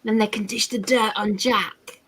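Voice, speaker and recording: A woman's voice: mid-range voice, fairly even intonation, normal speed, a bit bright, breathy edge. A woman hosting a casual chat with friends, giggly and playful. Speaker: show host.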